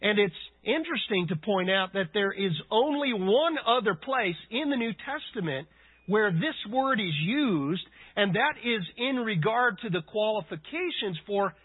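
A man preaching a sermon, reading scripture slowly and deliberately and explaining words from the Greek. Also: high voice, animated, breathy edge. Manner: slow, deliberate scripture reading and word study. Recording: phone-like narrow band.

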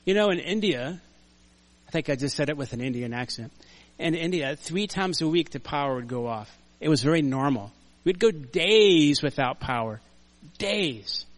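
An older man preaching a conversational sermon in a church, earnest and story-driven, dropping to quiet asides and rising to loud emphasis. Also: a little high, lively intonation, normal speed. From United States. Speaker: pastor. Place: church sanctuary.

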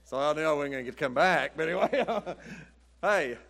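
A man's voice: on the high side, expressive, a little fast, gravelly, a bit bright. A man preaching a sermon in a folksy, rambling storytelling way, chuckling often. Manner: rambling, chuckling, says "but anyway" often.

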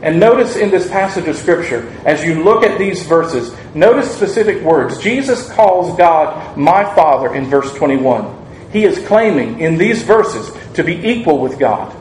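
High-voiced male preacher in echoey room. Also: animated, measured pace, darkish tone. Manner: earnest preaching with rhetorical questions and acted-out quotes. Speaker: pastor. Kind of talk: sermon. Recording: echoey room, faint ambient noise.

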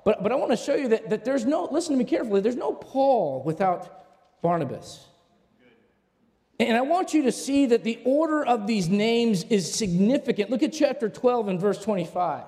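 A man delivers a sermon from the pulpit, his voice pitched high for a man. He preaches animatedly, throwing questions at the congregation and climbing to shouts. A long reverb from the hall trails each phrase. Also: lively intonation, moderate pace. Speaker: pastor. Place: church sanctuary.

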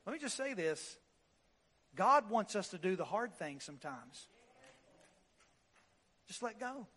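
A man's voice: high-pitched, very animated, normal speed, fairly bright tone, big-room sound. A man preaching a sermon as pastor, emphatic, repeating lines and restarting words as he drives a point home.

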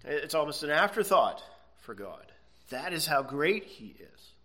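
A man's voice: a little high, very animated, unhurried, a bit bright. A man preaching a sermon, earnest and emphatic, stretching out key words and checking in with "okay?". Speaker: pastor.

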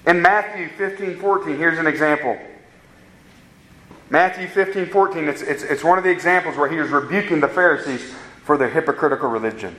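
A man's voice: on the high side, a little fast, a bit bright. A man preaching a sermon as a pastor, earnestly addressing his congregation with rhetorical questions. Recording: roomy echo.

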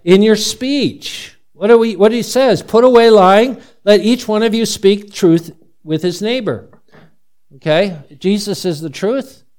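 A middle-aged male pastor preaching a sermon, animated and asking the congregation many questions. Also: high-pitched, smooth.

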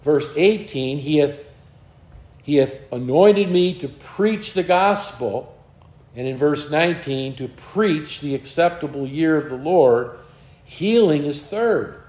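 An earnest male preacher delivers a sermon and repeats words as he gathers his thoughts. His voice sits a little high. The room around him has a clear echo. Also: animated, slow, darkish tone. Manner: earnest, repeats words while searching for them.

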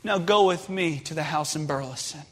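A man preaching a sermon, passionate and rising to shouted pleas. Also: fairly high pitch, moderate pace. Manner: impassioned, builds to shouted pleas. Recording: long hall reverb.

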